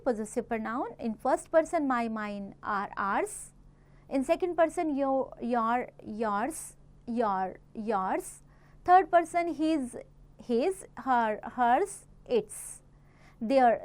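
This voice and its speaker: A woman with an Indian accent teaching a grammar lesson to children, reading examples slowly and rattling off quick asides between English and Hindi. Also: high voice, animated, darkish tone. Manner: reads examples slowly and clearly.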